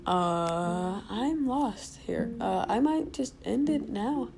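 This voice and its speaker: A woman's voice: mid-range voice, animated, slow pace, darkish tone, soft background music. A young woman hosting a casual solo podcast from home, rambling with self-mocking asides. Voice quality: creaky vocal fry. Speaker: podcast host.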